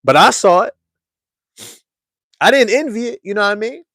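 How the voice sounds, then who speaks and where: A man riffs to his live chat on a basketball fan show. His voice sits a little high, and he swings from loud hype down to a low murmur, leaning on slang and repeated lines. The sound is dry and close. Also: lively intonation, normal speed, no echo. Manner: slangy, repeats phrases for emphasis. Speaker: sports show host.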